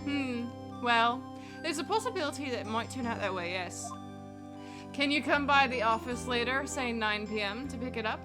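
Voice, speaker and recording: A woman's voice: a little high, lively intonation, normal speed, over music, natural voice. A woman voicing a composed young female defense attorney, reading game dialogue aloud with a light, playful touch. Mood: calm.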